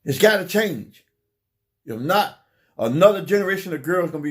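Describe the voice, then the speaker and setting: A man's voice: a little high, expressive, moderate pace. A man delivering an impassioned preaching monologue, fervent, often repeating phrases and stumbling over his words. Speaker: religious speaker.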